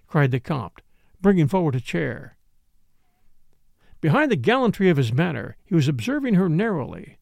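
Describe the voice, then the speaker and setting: Man, audiobook narrator, expressive storytelling, slightly high voice, dry close sound. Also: moderate pace, creaky, pauses often, dry recording. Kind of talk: scripted narration.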